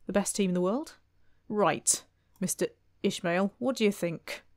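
A woman's voice: medium pitch, a little slow, a little mellow, dry recording. A woman commentating on her own gameplay in a wry, chatty way, full of exasperated asides. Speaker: let's play host.

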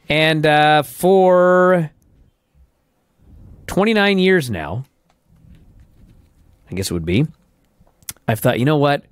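A man in his late thirties chats on a podcast, his voice swinging up and down as he acts out the story. He talks in a profane, animated way, and the sound is close and dry. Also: on the high side, no echo. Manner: animated, profane, re-enacting what others said. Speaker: podcast co-host. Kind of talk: casual chat.

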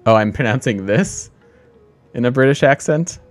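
A man's voice: mid-range voice, animated, moderate pace, no echo, faint music behind. A man hosting a strategy game let's play, thinking aloud in casual commentary, often laughing at himself.

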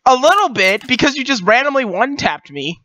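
Lively bright-voiced gaming host. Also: high-pitched, a little fast. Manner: excitable, laughs a lot, jokey trash talk. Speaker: channel host. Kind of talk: casual gameplay commentary.

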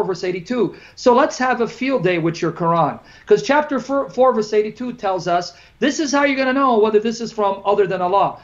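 A man fires back in a debate, quick and combative. His voice runs high. The stream audio sounds muffled and lo-fi. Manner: fast combative rebuttal. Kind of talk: debate rebuttal.

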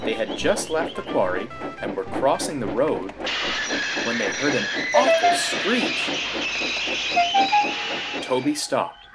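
A man narrating a children's railway story in an expressive storybook style. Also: mid-range voice, slow pace, long pauses. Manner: lively, expressive reading. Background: loud music.

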